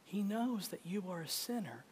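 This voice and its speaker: A man preaching a sermon with passion, swinging between loud emphasis and a hushed voice. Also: sits high, lively intonation, normal speed, slight background noise. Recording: echoey hall.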